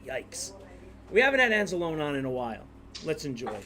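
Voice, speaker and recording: A man's voice: fairly high pitch, very animated, fairly quick, a crowd in the background. A man hosting a casual commentary over court clips, joking and mocking. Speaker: commentary host.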